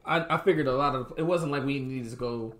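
A man's voice: medium pitch, fast. A young man, co-hosting with his wife, casually tells a story and acts out his own reactions. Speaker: co-host, husband.

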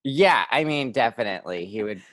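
A woman's voice: a bass voice, expressive, brisk, fairly bright tone. A woman co-hosting a podcast, chatting casually in rambling, easygoing asides. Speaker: podcast co-host. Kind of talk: casual chat.

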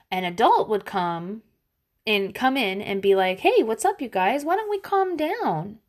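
Mom talking off the cuff, blunt and sweary, lots of lively asides, medium pitch. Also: female voice. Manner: candid and blunt, swears freely, animated asides. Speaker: parenting podcast host. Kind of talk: casual monologue.

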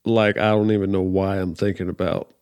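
A man's voice: deep voice, level tone, brisk, darkish tone, clear, resonant tone, dry recording, clean studio sound. A man hosting a podcast and asking casual, curious questions. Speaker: podcast host.

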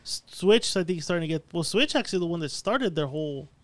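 A man with a notably high voice and a rapid delivery, chatting loosely on a podcast. He teases his friends and jokes crudely. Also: expressive, no room sound. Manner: joking, teasing, crude banter. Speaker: podcast co-host. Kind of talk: casual chat.

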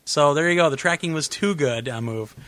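A man hosting a gaming podcast in casual chat, rambling and correcting himself, laughing often, a little hoarse. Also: a little high, brisk, fairly bright tone, no room sound. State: losing his voice. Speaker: podcast host.

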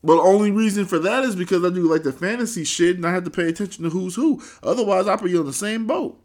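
A man's voice: high voice, quick pace, a little mellow. A man talking casually on a podcast, rambling and swearing freely in a laid-back way.

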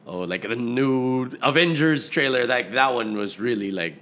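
A man in casual chat about movies, talking in a rambling, self-correcting, animated way. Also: medium pitch, normal speed.

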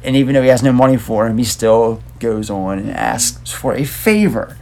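Gravelly laid-back man reviewing movies. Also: mid-range voice, lively intonation, moderate pace, darkish tone. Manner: loose, rambling, laid-back. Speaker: podcast co-host. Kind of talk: casual movie review chat.

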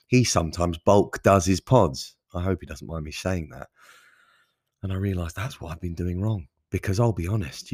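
Low-voiced man rambling on a podcast. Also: darkish tone, no echo, clean studio sound. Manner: rambling, self-deprecating, sprinkled with mild swearing. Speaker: podcast host. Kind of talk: casual solo podcast monologue.

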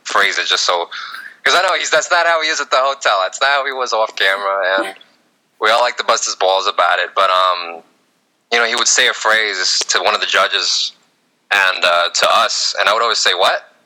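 A man with a low, very bright and forceful voice tells stories in a relaxed chat. He jokes constantly and breaks into laughter between anecdotes. He sounds like an easygoing guest talking with friends. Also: fairly quick, low-quality recording. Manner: joking, animated anecdotes with laughter. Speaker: guest, former cooking-show contestant. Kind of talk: casual storytelling chat.

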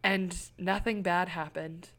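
A woman's voice: lowish voice, slow. Candid young woman podcast co-host. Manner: candid, animated storytelling with laughs. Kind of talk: casual chat.

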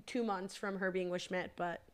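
A woman's voice: fairly low pitch, level tone, normal speed. A woman hosting a podcast in casual chat, leading the talk and reading out listener questions. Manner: chatty, leads the discussion, reads listener questions. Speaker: podcast host.

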